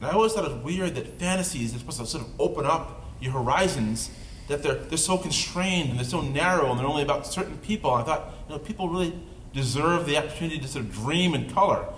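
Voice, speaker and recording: A man with an upstate New York accent speaks casually to an audience on a panel, an author cracking self-deprecating jokes. His voice is fairly high and fairly bright, with lively intonation and a quick pace. The recording comes from a dark indoor event room and sounds roomy, with faint noise.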